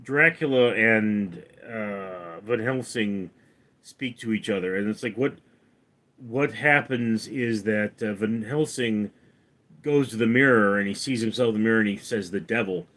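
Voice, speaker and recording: A man hosting a casual livestream, reading out viewers' names and comments and answering them, calling the names out louder and higher than his replies. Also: unhurried. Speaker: streamer reading viewer chat; actor.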